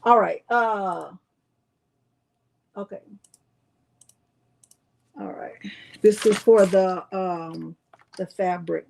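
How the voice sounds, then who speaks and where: A woman's voice: mid-range voice, very slow, vocal fry, long pauses, a little hiss or hum. A middle-aged woman, hosting a live crafting tutorial in a chatty way and addressing viewers as y'all. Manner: chatty, warm toward viewers, says "y'all".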